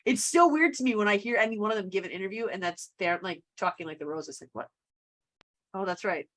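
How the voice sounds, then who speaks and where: Woman, podcast co-host, chatty, laughs easily, mid-pitched voice. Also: quick pace, fairly bright tone. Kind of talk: casual chat about a TV comedy.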